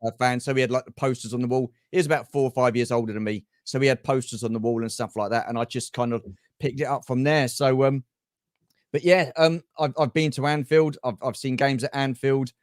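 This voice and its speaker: A man's voice: mid-range voice, fairly even intonation, brisk, no echo, clean studio sound. A middle-aged man co-hosting a livestream, chatting casually about football and greeting viewers by name. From England. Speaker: livestream co-host.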